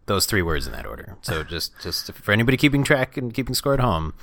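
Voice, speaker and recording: A young man co-hosting a comedy podcast, riffing playfully with deadpan asides in casual chat. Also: on the low side, fast talker, creaky, no echo. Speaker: podcast co-host.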